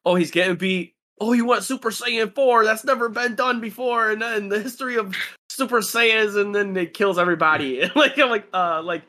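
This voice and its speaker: A man's voice: sits high, moderate pace, pushed and bright. A man chatting casually about anime in a laid-back, rambling way, acting out what friends said.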